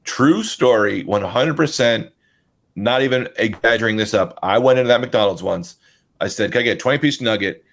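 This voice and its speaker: A man co-hosting a comedy podcast, telling anecdotes with animated quoted voices. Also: medium pitch, a little fast. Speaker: podcast co-host. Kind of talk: casual comedic chat.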